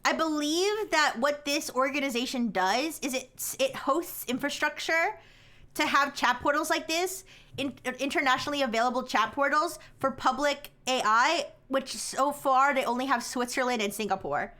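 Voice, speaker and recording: A woman streamer chatting casually to her viewers, rambling with lots of filler words and quick laughs. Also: high voice, sharp tone. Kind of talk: casual live-stream chat.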